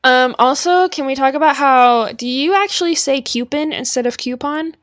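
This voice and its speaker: A young woman co-hosting a podcast in casual chat, chatty and quick to laugh, with many fillers. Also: high-pitched, no echo, studio quality. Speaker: podcast co-host.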